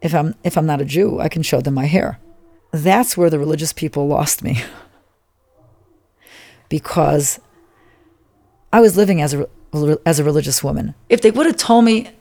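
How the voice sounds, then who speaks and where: A middle-aged woman recounting a personal experience in an interview, emotional and halting, often repeating words. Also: sits low, a little mellow.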